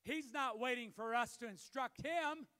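A man preaching a sermon as pastor, building to shouted emphasis, recorded in a church. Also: extremely high pitch, unhurried. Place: church sanctuary. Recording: long hall reverb.

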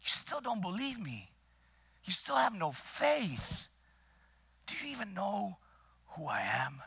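A man's voice: high-pitched, wildly swooping pitch, slow, vocal fry, pushed and bright, breathy edge, no room sound, voice pushed up, heavily acted. A man voicing an exasperated adult male teacher who pleads with his frightened followers through a string of rising rhetorical questions. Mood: exasperated, pleading. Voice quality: raised, pleading voice. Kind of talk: dramatized retelling in a sermon.

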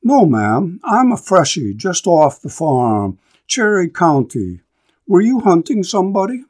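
A man voicing a polite young male college freshman off the farm, with a bright, clear voice and a rising inflection. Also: sits high, wildly swooping pitch, a little slow, pitched above the performer's own voice, exaggerated voice. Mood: friendly.

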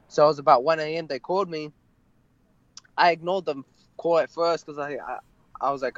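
A young man, an MMA fighter, telling a personal story in an interview, halting and full of fillers. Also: on the high side, fairly even intonation, no room sound, dull audio. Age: young adult. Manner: halting, many fillers and restarts.

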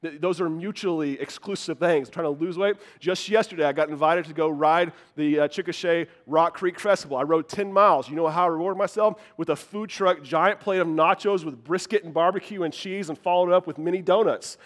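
Pastor, male, earnest conversational sermon, slightly higher voice. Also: fairly quick. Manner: earnest, conversational preaching with frequent restarts.

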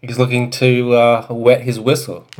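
A man's voice: mid-range voice, monotone, measured pace, a little mellow. A man co-hosting a comedy podcast, with dry, self-deprecating humor in casual banter. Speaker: podcast co-host.

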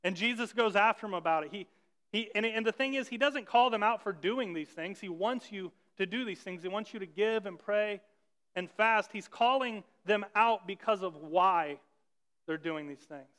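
A man's voice: high voice, moderate pace, a bit bright. A man preaching a sermon as pastor, talking conversationally and asking ironic rhetorical questions. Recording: long reverb of a large hall.

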